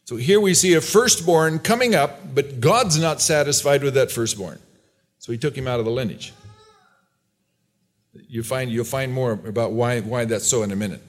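At normal speed and medium pitch, a man preaches, reading Bible verses aloud. He briefly acts out characters' lines and gives loose explanations, restarting his thoughts along the way.

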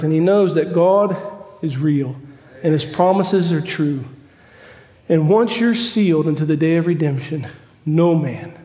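In this sermon, a man's fairly high voice moves at a slightly slow pace while he tells a story, growing more fervent and building to loud excitement. Long reverb from a hall surrounds the sound.

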